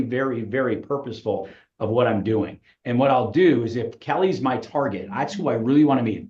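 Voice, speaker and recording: A man who works as a recruiter giving networking tips in a webinar, acting out little dialogues as he goes. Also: mid-range voice. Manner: acts out little dialogues with lively voices. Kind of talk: webinar talk. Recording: roomy, dull audio.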